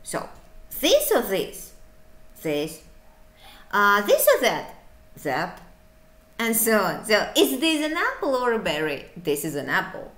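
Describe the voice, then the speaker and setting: A woman's voice: medium pitch, wildly swooping pitch, takes it slowly, long pauses, a bit bright, reverberant. A woman teaching a beginner English lesson, encouraging and playful, breaking into little asides. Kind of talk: online language lesson.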